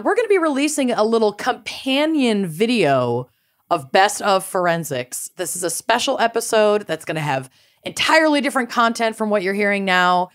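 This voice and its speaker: A woman co-hosting a podcast, talking in an upbeat, promotional way. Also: medium pitch. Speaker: podcast co-host. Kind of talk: casual chat.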